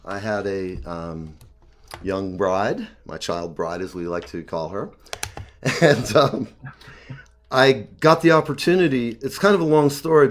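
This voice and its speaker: A man in his fifties telling rambling personal stories in casual chat, animated and profane, often laughing. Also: medium pitch. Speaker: talk show guest.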